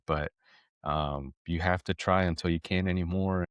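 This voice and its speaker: A man's voice: deep voice, fairly even intonation, a little fast, no echo. A man co-hosting a podcast, chatting casually and telling easygoing family anecdotes. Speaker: podcast co-host. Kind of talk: casual chat.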